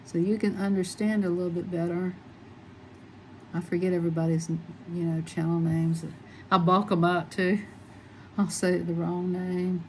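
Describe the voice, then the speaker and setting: A woman's voice: lowish voice, flat delivery, moderate pace, a little mellow, slight background noise, low-quality recording. A middle-aged woman chatting casually and rambling as she colors, laughing often. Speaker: coloring channel host. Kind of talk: casual chat while coloring.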